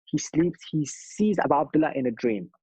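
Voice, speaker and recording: A man's voice: fairly high pitch, lively intonation, normal speed, dark tone, slightly rough, no echo, rough recording. A man delivering a sermon at a mourning gathering, speaking earnestly with rhythmic repetition. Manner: earnest, rhythmic, repeats phrases for emphasis.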